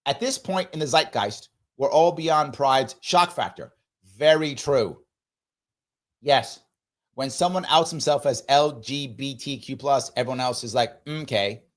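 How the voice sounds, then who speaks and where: A man hosting a live talk show, giving opinion commentary in an emphatic, preachy way with big jumps in pitch. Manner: animated, sweeping pitch jumps.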